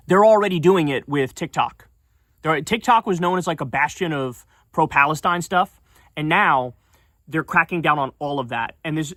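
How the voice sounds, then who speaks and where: Indignant, foul-mouthed streamer, mid-pitched, on a dry close desk mic. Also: fairly bright tone, no room sound. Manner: profane, indignant, fast-talking. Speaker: streamer and political commentator. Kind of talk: casual livestream rant.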